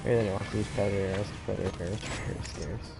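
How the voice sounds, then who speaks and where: American male gamer host, low, gravel-edged voice, loose rambling commentary. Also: steady tone, very fast. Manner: rambling, chatty, self-interrupting. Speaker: gaming channel host. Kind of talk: casual let's-play commentary. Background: game music.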